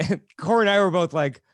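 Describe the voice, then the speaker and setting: Male podcast co-host, a touch high, dry close mic, easygoing anecdotes. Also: normal speed, no echo. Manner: relaxed storyteller with filler words. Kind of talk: casual podcast chat.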